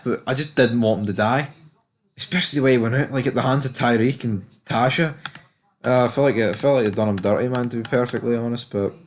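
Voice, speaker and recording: A man giving a casual spoken recap of a TV episode, blunt and candid, swearing freely and talking loosely with plenty of fillers. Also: medium pitch. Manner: loose and chatty, many fillers. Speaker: TV episode reviewer.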